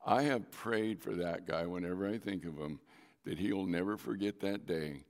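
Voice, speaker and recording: A man's voice: low-pitched, normal speed, in a large hall. A man preaching a sermon as a pastor, telling a personal story with emphasis and drawing out key words.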